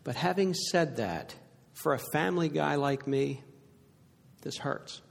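An older man preaching a sermon to a congregation, telling stories earnestly and growing hushed at the sad parts. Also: fairly high pitch, normal speed, gravelly. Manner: earnest storytelling, dropping to a hushed voice for sad points. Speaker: pastor. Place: church sanctuary before a congregation. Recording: echoey hall reverb.

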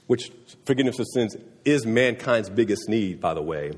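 A man's voice: on the low side, animated, moderate pace, long reverb tail. A man preaching a sermon in a conversational way, often checking in with his listeners. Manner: conversational, often asking "right?". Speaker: pastor.

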